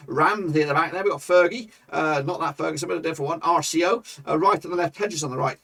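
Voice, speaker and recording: A man with a slightly raised, gravelly voice chats his way through a football management game as its host. He is loud and chirpy, and he rambles along with plenty of fillers and restarts. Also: on the high side. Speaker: gaming channel host. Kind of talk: casual game commentary.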